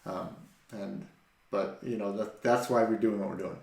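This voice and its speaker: Man, gravelly voice, mid pitch, animated storyteller, restarts his sentences, echoey room. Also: normal speed. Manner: animated storytelling, repeats words when starting a thought. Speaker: podcast co-host. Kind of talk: casual faith-based conversation.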